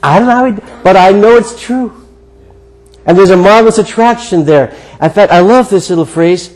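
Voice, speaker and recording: A man preaching a sermon, telling a personal story in an earnest way with emphatic pauses. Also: high-pitched, darkish tone, poor audio. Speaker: guest preacher.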